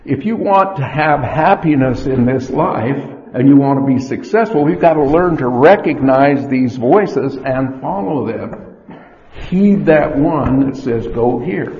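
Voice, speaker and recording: A man giving a sermon, measured and storytelling, acting out the inner voices he describes. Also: mid-range voice, expressive, a little mellow. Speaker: church speaker. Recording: echoey hall, dull lo-fi sound.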